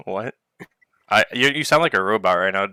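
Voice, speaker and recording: A man's voice: lowish voice, animated, unhurried, bright, forceful tone, clean tone, faint music behind. A man hosting a casual live Q&A over online voice chat, rambling with lots of filler words. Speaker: project owner hosting a community Q&A. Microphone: online voice chat mic.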